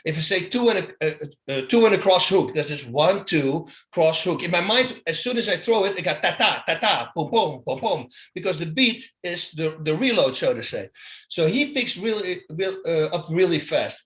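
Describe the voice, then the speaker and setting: In a casual interview, a male ex-fighter recounts stories animatedly, making punch noises and breaking into laughter between phrases. His voice sits high, at a normal speed.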